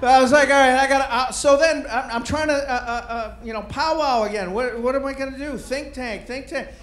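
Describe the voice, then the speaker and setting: A man doing stand-up comedy, telling a self-mocking story in an animated way and acting out bits of dialogue. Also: very high voice, a little fast, reverberant, a little hiss or hum.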